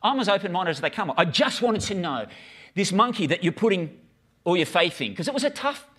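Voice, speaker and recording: A man's voice: high-pitched, sing-song, fairly quick, fairly bright tone, slightly rough. A middle-aged man, preaching a casual, conversational sermon with frequent stammered restarts. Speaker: pastor.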